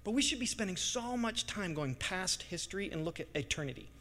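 Fervent pastor preaching in an echoing hall. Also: male voice, high-pitched, lively intonation, fairly quick. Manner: impassioned, swings from hushed to loud bursts. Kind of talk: sermon. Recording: long hall reverb.

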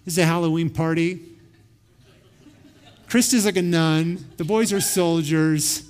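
A man in his forties giving a sermon as pastor, lively and humorous in his storytelling. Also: fairly high pitch, unhurried. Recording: long hall reverb.

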